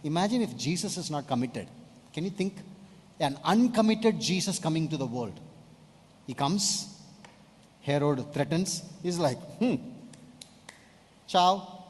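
A man's voice: on the high side, lively intonation, measured pace, pauses often, a little mellow. A male pastor preaching a sermon emphatically, often putting questions to the congregation. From India. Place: church hall. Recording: long hall reverb.

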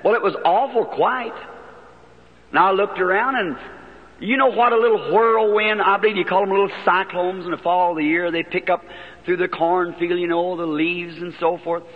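On a dull archival 1950s recording in a long-echo hall, a high-pitched man preaches in a large auditorium at normal speed. He tells a childhood story as sermon testimony, in a folksy, earnest way.

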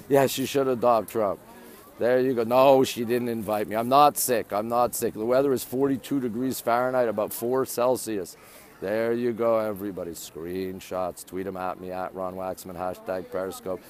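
A man live-streaming from his phone outdoors, chattily greeting viewers and answering their comments as he walks. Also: medium pitch. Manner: chatty, repeatedly greets viewers and says "there you go". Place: outdoors at a city landmark.

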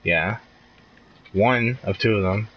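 A man's voice: on the low side, takes it slowly, a bit bright, slight background noise, low-quality recording. Frustrated young male gamer streaming. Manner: frustrated, swearing, laughing outbursts. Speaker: live streamer. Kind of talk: casual gameplay commentary.

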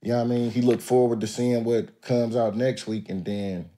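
A man's voice: mid-range voice, fairly even intonation, moderate pace, mellow. A man as a podcast guest telling stories in a laid-back, drawling, profane way, often acting out what others said. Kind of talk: casual interview storytelling.

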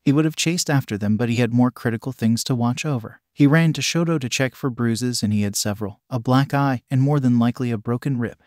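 A man narrating a fan fiction story in an even, steady reading. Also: medium pitch, brisk, few pauses, no echo, studio quality.

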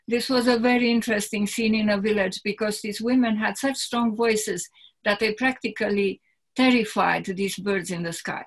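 A woman's voice: mid-range voice, steady tone. Romanian-native woman author reading her work. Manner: careful, explanatory, slightly halting. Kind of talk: book reading and commentary.

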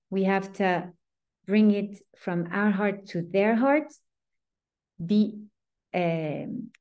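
A woman's voice: medium pitch, dark tone. A woman giving a Torah lesson, earnest and emphatic, often restarting her sentences. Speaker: Torah teacher.

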